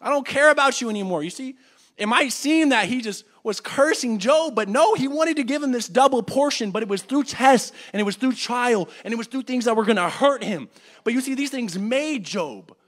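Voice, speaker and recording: Young male teacher, higher-pitched voice, earnest sermon delivery that swings loud and soft. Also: expressive, normal speed. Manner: earnest, swings between loud urging and hushed reflection. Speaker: church class teacher. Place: church classroom.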